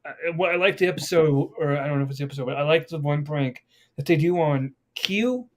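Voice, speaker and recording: A man's voice: fairly high pitch, fairly quick, darkish tone. A man co-hosting a podcast, rambling and swearing as he retells pranks. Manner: rambling, profane, acts out quotes. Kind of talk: casual chat.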